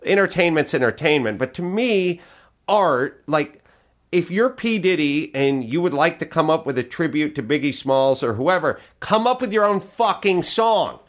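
A man's voice: on the high side, lively intonation, moderate pace. A man in a casual podcast chat, ranting with profanity and jokes. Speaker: comedian guest.

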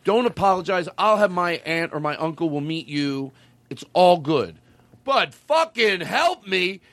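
A middle-aged man with a high, bright voice hosts a comedy podcast. He talks in a playful, goofy way and swears without a second thought. The sound is dry and close. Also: lively intonation, measured pace, no room sound. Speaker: podcast host. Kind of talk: casual comedic chat.

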